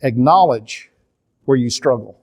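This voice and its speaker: Older man with a Southern drawl, mid-pitched, for a church seminar speaker sharing candid family stories. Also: animated, unhurried. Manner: earnest storytelling, confessional. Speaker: minister and counselor teaching a seminar.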